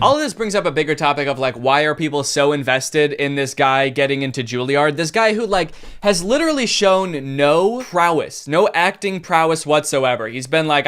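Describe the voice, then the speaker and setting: A young adult man giving comedic reaction commentary, sarcastic and animated, with mocking asides. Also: fairly high pitch, normal speed, few pauses, clear, resonant tone, soft background music. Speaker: commentary host.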